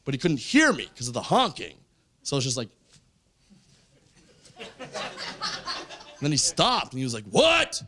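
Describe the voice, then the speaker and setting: A man from Canada doing stand-up comedy, telling a story with lively jumps into other people's voices. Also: mid-range voice, moderate pace, pauses often, crowd noise. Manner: animated storytelling, jumping into voices. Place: stage in front of a live audience.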